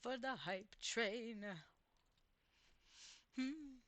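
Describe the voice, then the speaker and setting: Woman streamer, casual gaming chat, gushing, giggly, high pitched, unhurried. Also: fairly bright tone, no room sound. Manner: gushing, giggly, exclaims often.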